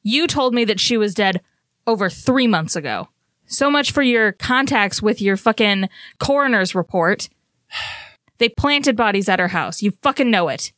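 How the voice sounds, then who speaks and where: A woman plays a betrayed young woman in a tabletop game, blunt, profane and accusing. The sound is dry and close, with an ordinary middle pitch. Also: animated, moderate pace, a bit bright, no room sound, natural voice.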